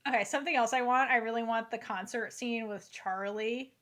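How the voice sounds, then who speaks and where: A woman's voice: a little high, a little fast, a bit bright. A woman co-hosting a casual book club chat, talking eagerly and rambling with many fillers. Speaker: podcast co-host.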